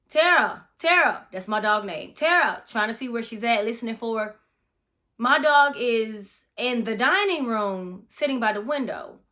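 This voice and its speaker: A bright, fairly high-voiced woman from Florida recounts an eerie experience in a casual vlog. Her storytelling is chatty and dramatic, with plenty of cursing thrown in. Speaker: massage therapist.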